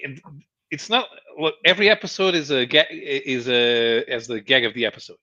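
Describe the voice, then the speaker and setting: A man explaining a show in casual chat as podcast co-host, halting and restarting, chuckling as he goes. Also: medium pitch, bright, forceful tone. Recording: dull lo-fi stream audio.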